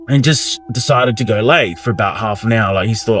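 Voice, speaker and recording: A man's voice: medium pitch, brisk, few pauses, fairly bright tone, a little hiss or hum. A man telling a spooky myth in a casual, rambling way, with asides and restarts. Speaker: storyteller, channel host. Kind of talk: casual spoken storytelling of a myth.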